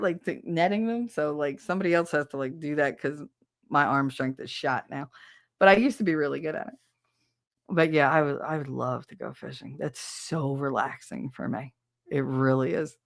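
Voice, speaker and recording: A woman's voice: sits low, vocal fry, no room sound, clean studio sound. A middle-aged woman hosting a livestream, chatting casually and laughing as she tells stories and acts out quotes. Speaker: livestream host. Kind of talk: casual chat, reading out viewer comments.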